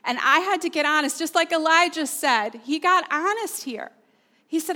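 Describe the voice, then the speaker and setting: Brief: middle-aged woman pastor, high voice, earnest personal sermon. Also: moderate pace, sharp tone. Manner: earnest, personal, asks the audience questions.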